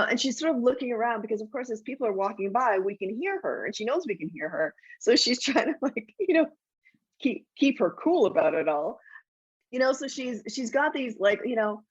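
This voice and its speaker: A woman and guest author in a casual interview chat, telling stories in an animated way and laughing often. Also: fairly high pitch, brisk, husky, no room sound, dull audio. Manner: animated, laughing anecdotal storytelling.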